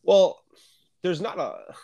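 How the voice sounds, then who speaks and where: A man co-hosting a casual wrestling podcast chats loosely, swearing plenty and using fillers, while a lingering cough shows he's getting over a cold. His voice is high-pitched, expressive, gravelly and mellow, and he speaks slowly. The audio has its highs cut off and a little hiss or hum.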